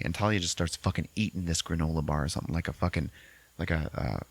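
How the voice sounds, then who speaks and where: A man hosting a podcast, recapping a movie in a casual, profane, animated way and acting out the characters. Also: low-pitched, fast, no room sound. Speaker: podcast host.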